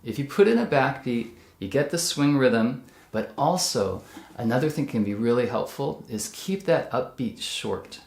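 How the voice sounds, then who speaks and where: A man's voice: medium pitch, animated, moderate pace, gravelly, darkish tone, reverberant. A man teaching jazz ukulele, patiently explaining each step while he plays. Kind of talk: instructional demonstration. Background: ukulele playing.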